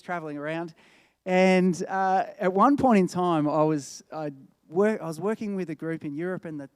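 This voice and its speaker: A middle-aged man giving a sermon as a guest speaker, telling a story with lively acted-out voices. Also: a little high, dry recording, studio quality. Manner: animated storyteller, acts out quoted people.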